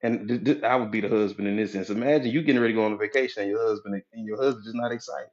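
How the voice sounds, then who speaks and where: A man's voice: on the low side, rapid-fire, few pauses, darkish tone, lo-fi sound. A man giving a motivational talk in a live audio app room, speaking in a preachy, folksy way, repeating his points for emphasis. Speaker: motivational speaker, hypnotherapy coach.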